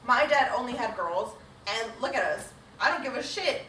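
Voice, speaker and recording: High, lively, laughing woman co-host. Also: moderate pace, echoey room, distant mic, slight background noise, low-quality recording. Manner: laughs often, swears freely. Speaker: podcast co-host. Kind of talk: casual recap chat.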